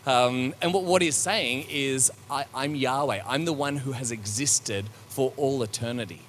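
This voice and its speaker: A man delivering a church sermon in an easygoing, conversational way, stopping to think with ums and doubled words. His voice sits at an ordinary middle pitch. Faint background noise is audible under his speech. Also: normal speed, fairly bright tone. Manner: conversational, with many fillers and restarts; reflective and searching. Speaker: preacher.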